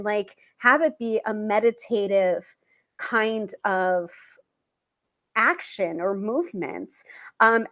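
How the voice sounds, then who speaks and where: A woman's voice: medium pitch, fairly bright tone. A woman hosting a live tarot stream, talking casually with many fillers and restarts.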